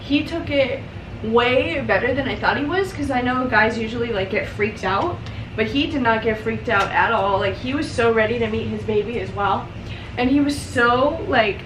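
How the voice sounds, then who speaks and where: A young woman tells a long personal story while she does her makeup, chatty and emotional, with "like" in almost every sentence. Her voice sits a little high. The sound is roomy and comes from a mic set some distance away, with a faint hiss behind her. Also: normal speed. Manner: chatty, filler-heavy, emotional retelling. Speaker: vlogger.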